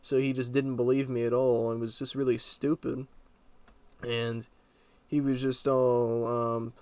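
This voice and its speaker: A man's voice: mid-range voice, level tone, a little slow, darkish tone, clean tone, no room sound. A young man casually telling a story, rambling and exasperated with lots of fillers.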